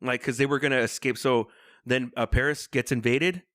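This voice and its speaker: A man hosting a podcast, casually retelling a classic film in a rambling, animated way. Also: mid-range voice, normal speed, no room sound, clean studio sound. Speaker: podcast host. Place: room in Los Angeles.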